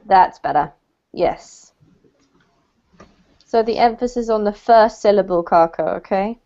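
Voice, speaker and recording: A woman English teacher giving an online lesson, encouraging and modeling words slowly over a video call. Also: medium pitch, mellow. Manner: encouraging, clarifies pronunciation with slow modeled words. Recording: dull lo-fi call audio.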